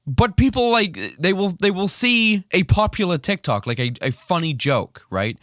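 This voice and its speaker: Animated, ranting man with lively pitch. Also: moderate pace, no room sound, clean studio sound. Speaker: YouTuber. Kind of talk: reaction vlog ranting.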